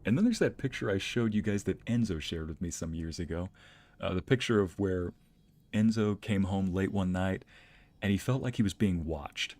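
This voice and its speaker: A young adult man streaming, who tells anecdotes in a casual, animated way and laughs often. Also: on the low side. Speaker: streamer and narrator. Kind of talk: casual storytelling chat.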